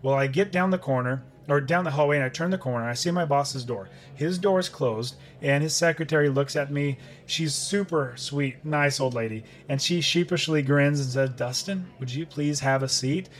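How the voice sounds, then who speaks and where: A man's voice: a little high, normal speed, hardly any pauses. A middle-aged man, a podcast guest, telling a personal story in conversation and acting out his own past thoughts.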